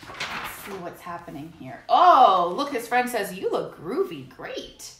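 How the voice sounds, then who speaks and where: In an echoey room with a faint hiss, a woman with a mid-range voice does a storytime read-aloud for children. She's a children's music teacher and host, slow and sing-song, animated, and addressing the kids directly.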